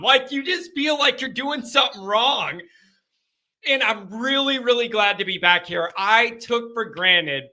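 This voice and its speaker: A man hosting a live call-in sports chat show, talking in an excitable, emphatic and chatty way. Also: high voice.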